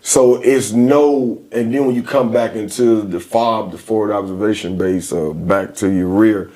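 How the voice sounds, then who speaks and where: A man's voice: on the low side, a little slow. A man in his forties, a guest in a casual interview, telling his stories with emphasis and energy. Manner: emphatic, animated storytelling.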